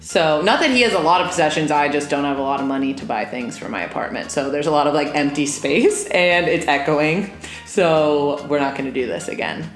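Young woman, low voice, chatty, playful, rambling, echoey empty apartment, faint music behind. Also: a little fast. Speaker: podcast co-host. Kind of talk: casual podcast chat. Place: sparse, empty apartment room.

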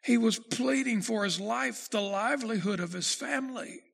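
Male pastor, high gravelly voice; slow scripture reading that builds into intense preaching. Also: a bit bright. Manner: reads scripture slowly then preaches with rising intensity. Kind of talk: sermon.

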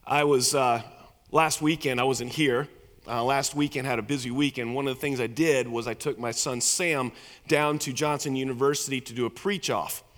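A man's voice: mid-range voice, fairly even intonation, moderate pace, a bit bright. A middle-aged man preaching a storytelling sermon in a church, earnest and repeating words as he builds emphasis. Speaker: pastor. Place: church sanctuary. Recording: echoey hall reverb.

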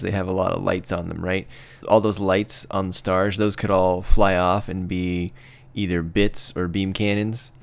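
A man's voice: sits low, clean tone. A man co-hosting a casual podcast, explaining his ideas with enthusiastic, rambling detail. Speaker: co-host.

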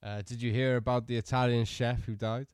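A man co-hosting a podcast, reading out corny jokes deadpan and laughing at his own punchlines. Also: medium pitch, brisk, clear, resonant tone, no room sound. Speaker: podcast co-host.

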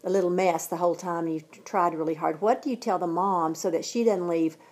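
Affirming woman interviewer, low voice. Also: steady tone, a little fast, darkish tone. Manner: affirming, frequent agreement. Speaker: host, interviewer. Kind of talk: interview questions.

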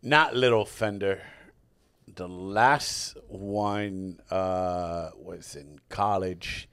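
A man's voice: deep voice, extremely slow, fairly bright tone, clear, resonant tone, no room sound, studio quality. Teasing man in casual chat. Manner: teasing, joins in with jokes. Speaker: podcast co-host.

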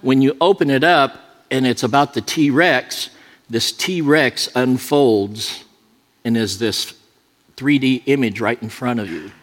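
A man's voice: mid-range voice, takes it slowly. A middle-aged man preaching as an associate pastor, mixing a sermon with joking, self-deprecating stories. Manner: jokey, self-deprecating anecdotes. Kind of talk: sermon with humorous storytelling. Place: church sanctuary. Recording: long reverb in a large church.

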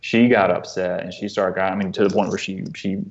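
A man telling a personal story as an interview guest, earnest and halting, often restarting his sentences. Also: low voice, steady tone, highs cut off. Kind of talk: conversational storytelling.

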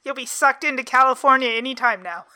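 A woman's voice: sits high, fairly quick, sharp tone, dry recording. A woman hosting a podcast, bubbly and giggly in casual chat. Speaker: podcast host.

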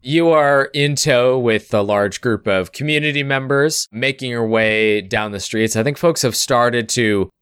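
A man narrating a tabletop role-playing game as game master, in a relaxed, wry way. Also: medium pitch, measured pace, hardly any pauses, clear, resonant tone, dry recording, clean studio sound.

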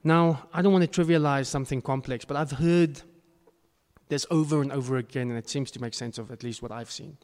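A man's voice: medium pitch, steady tone, brisk, darkish tone. Earnest man preaching in a reverberant hall. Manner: earnest, rising to emphatic bursts. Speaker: pastor. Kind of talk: sermon.

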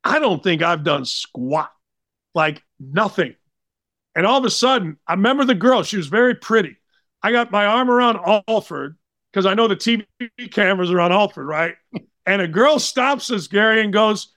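A man in his sixties telling blunt, animated sports stories as a podcast guest. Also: high voice, moderate pace, dry recording, studio quality. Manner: blunt, animated, slangy anecdotes. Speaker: guest, former college basketball player. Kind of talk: casual storytelling.

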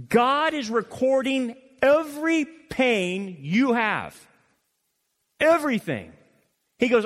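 A man preaching a sermon as pastor, emphatic, moving between loud passionate peaks and quiet intimate asides. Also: high voice, very animated, unhurried. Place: church sanctuary. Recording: long hall reverb.

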